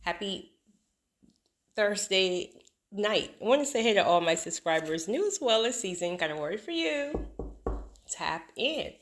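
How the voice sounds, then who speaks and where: A woman's voice: medium pitch, expressive, a little slow, pauses often. A woman hosting her own video channel, talking casually and emphatically to her subscribers, with lots of rhetorical repetition. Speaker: YouTube channel host. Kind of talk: casual vlog talk to subscribers.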